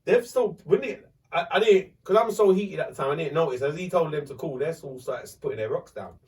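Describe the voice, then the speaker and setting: A man, hosting a podcast and telling a story in a lively, profane way. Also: a little high, brisk, recorded from a distance. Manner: animated, swearing, acts out voices in his story. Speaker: podcast host. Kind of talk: casual storytelling.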